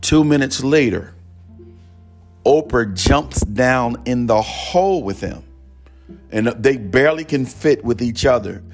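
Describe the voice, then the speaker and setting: A man's voice: medium pitch, takes it slowly, soft background music. A man preaching in a conversational storytelling style, often repeating "he said" as he goes. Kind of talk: storytelling sermon.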